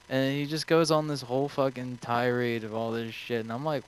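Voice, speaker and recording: A man's voice: mid-range voice, fairly even intonation, moderate pace, hardly any pauses, smooth, rough recording. A young man streaming, answering viewer questions in a rambling, offhand way full of swearing. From United States.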